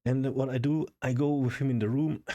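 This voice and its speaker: A man's voice: mid-range voice, steady tone, a little fast, mellow. A man vlogging in a casual, frustrated rant full of swearing. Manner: frustrated, profane ranting. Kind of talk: casual ranting vlog.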